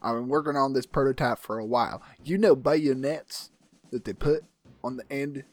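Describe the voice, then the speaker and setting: A man playing a violent weapons inventor and war veteran in an improvised comedy role-play, crude, boastful and excitable. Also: mid-range voice, normal speed, no room sound, soft background music, natural voice.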